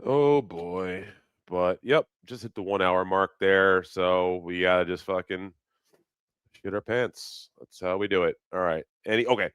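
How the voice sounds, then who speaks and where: A man's voice: low-pitched, a little slow, a bit bright, clear, resonant tone, no echo. A man hosting a casual live stream, rambling and swearing freely, often breaking into laughter. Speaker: livestream host.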